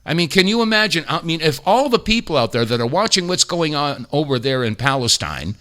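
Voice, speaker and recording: Exasperated male podcast host, lively pitch. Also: a little fast. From United States. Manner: exasperated, mocking impressions, restarts. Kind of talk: casual commentary rant.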